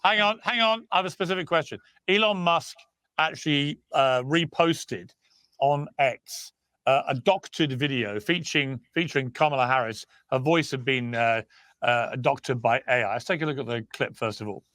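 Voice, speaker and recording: A man with a British accent moderating a live TV debate, brisk and cutting in. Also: mid-range voice, a bit bright, no room sound. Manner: interrupting, brisk. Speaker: talk show host.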